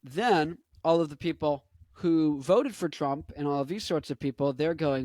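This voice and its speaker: A man's voice: fairly high pitch, normal speed, few pauses, darkish tone, dry recording. A man in his twenties giving a casual commentary monologue, rambling and interrupting himself with joking asides. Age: 20s. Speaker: vlogger.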